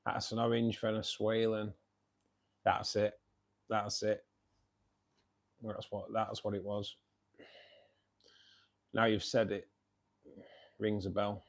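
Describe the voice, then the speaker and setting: A man's voice: fairly low pitch, completely flat delivery, takes it slowly, long pauses. Chatty Mancunian man hosting a live stream. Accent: Northern English, Manchester. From England. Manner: friendly, chatty, calls viewers mate. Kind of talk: casual live chat reading viewer comments.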